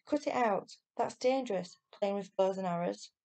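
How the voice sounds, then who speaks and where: A woman's voice: medium pitch, normal speed, vocal fry, dark tone, natural voice. A woman voicing a sly wheedling burglar. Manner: wheedling then snarling, slangy. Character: gruff, sly adult male burglar, turns nasty.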